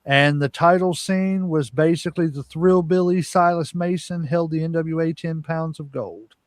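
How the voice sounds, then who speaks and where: A man's voice: a little high, fairly even intonation, moderate pace, no echo, clean studio sound. A man co-hosting a podcast, casually reading weekly wrestling results with lots of "uh" fillers. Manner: reads results with frequent "uh" fillers. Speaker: podcast co-host.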